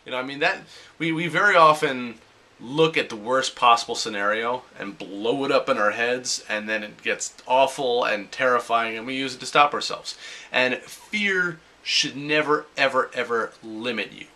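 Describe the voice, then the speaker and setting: A man's voice: medium pitch, normal speed, bright, forceful tone. A young adult man talking casually in a motivational vlog, often acting out his own inner voice. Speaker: vlogger.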